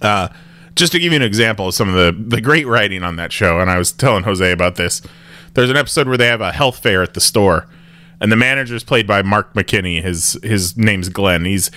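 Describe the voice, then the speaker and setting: Lively, bright-voiced podcast host man. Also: fairly low pitch, fairly quick. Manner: laughs often, rambling with restarts. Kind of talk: casual chat.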